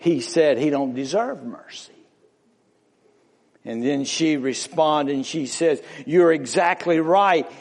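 A man's voice: mid-range voice, slow pace, pauses often, a little mellow. A male preacher delivering a sermon with dramatic rises and falls, often calling out to the listener as "my friend". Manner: dramatic rising and falling delivery, calls out "my friend". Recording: long hall reverb.

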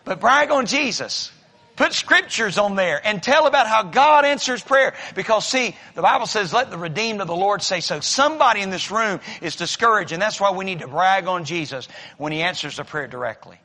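Under the long reverb of a large hall, a male pastor preaches in a church sanctuary, his high-pitched voice lively in intonation and moderate in pace. His tone is bright and forceful as he tells folksy stories and acts out the people in them.

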